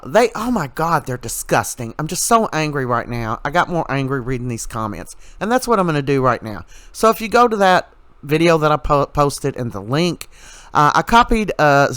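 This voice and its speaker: A man's voice: on the high side, a bit bright, clean tone, dry recording. A man hosting a casual commentary vlog, ranting in a sarcastic and exasperated way. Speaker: commentary channel host.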